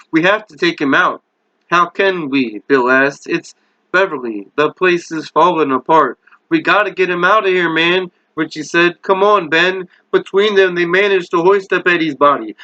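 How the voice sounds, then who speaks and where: A man's voice: fairly high pitch, fairly bright tone, highs cut off. A man reading a horror novel aloud as a hobby reader, with small slips and corrections and light character voices. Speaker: amateur book reader.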